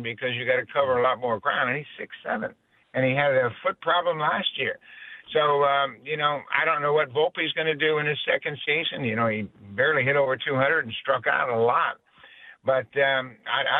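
A man calls in over a tinny phone line to talk baseball, his voice a bit high for a man. He speaks in a halting way, padding his thoughts with "you know." The line is thin and dry. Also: dry recording. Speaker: baseball color analyst, phone guest. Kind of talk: casual analysis on a radio call.

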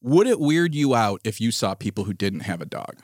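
Lively, exasperated man telling a story. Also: fairly low pitch, fairly quick, no echo, studio quality. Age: 30s to 40s. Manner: animated, exasperated storyteller who laughs often. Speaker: podcast host. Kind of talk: casual chat, storytelling.

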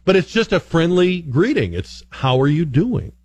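A male radio talk host from the northern United States speaks in a casual, chatty way. His pitch moves a lot as he spins anecdotes and now and then mimics other people's voices. He is recorded in a studio. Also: moderate pace, husky, no echo. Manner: chatty, animated, mimics voices mid-story.

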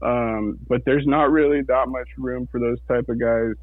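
A man's voice: medium pitch, fairly even intonation, moderate pace, no room sound. Man on a tinny phone line. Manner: hesitant, repeats words. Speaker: guest. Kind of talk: casual chat.

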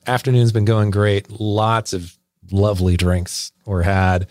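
Unhurried and level, with a low, slightly mellow voice, a podcast co-host laughs his way through a long, filler-heavy anecdote. It's recorded in clean studio sound with no echo.

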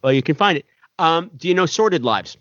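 A man's voice: fairly high pitch, animated, fairly quick, a bit bright, dry recording, dull audio. A tipsy man co-hosting a casual movie-review chat, chatty and campy. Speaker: podcast co-host.

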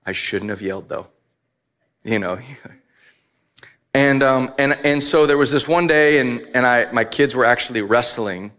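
A pastor who is a father of young boys delivers a casual, conversational sermon packed with asides and self-deprecating laughs. His mid-range voice moves at a measured pace with a fairly bright tone.

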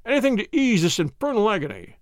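A man's voice: high-pitched, wildly swooping pitch, fast talker, no echo, studio quality, voice pushed up. A man voicing an injured young man in agony who gasps out desperate pleas in a storybook. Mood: agonized. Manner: gasping, shrieking pleas.

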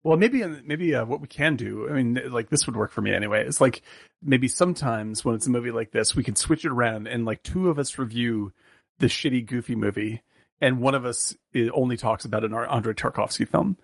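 A man's voice: mid-range voice, fairly quick, creaky, dry recording, studio quality. A man co-hosting a movie review podcast, talking casually with lots of fillers and jokes. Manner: rambling, jokey, many fillers. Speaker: podcast co-host.

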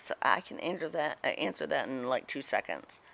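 This middle-aged woman, once a wrestling personality, is a guest on an interview show, swearing often as she tells candid stories bluntly and emphatically. Her voice is extremely low and gravelly yet fairly bright, swinging widely in pitch at a fairly quick clip.

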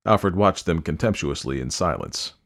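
Very deep-voiced male audiobook narrator. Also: lively intonation, vocal fry. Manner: measured, descriptive reading. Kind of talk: scripted storybook narration.

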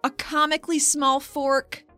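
High-voiced playful female player, quick and amused. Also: little pitch movement, sharp tone, faint music behind. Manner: playful, giggly, quick questions. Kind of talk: playing a tabletop game.

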